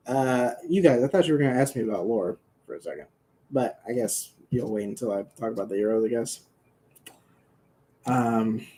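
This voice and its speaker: Man, unhurried casual chat, warm low-key voice. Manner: rambling, laughing, talks to his cat. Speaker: creator presenting his original characters. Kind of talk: casual rambling chat to viewers.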